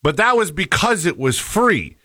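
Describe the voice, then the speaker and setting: A man co-hosting a casual tech chat, talking in quick restarts. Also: sits high, big pitch swings, sharp tone, dry recording, clean studio sound. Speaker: show co-host.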